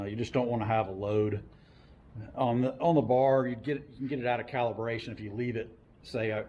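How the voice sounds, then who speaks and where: In a garage workshop how-to video, a car hobbyist talks loosely and chattily, full of fillers, while installing an engine. His voice sits fairly low with a darkish tone, and he's out of breath from heavy wrenching. A little hiss or hum runs under the recording.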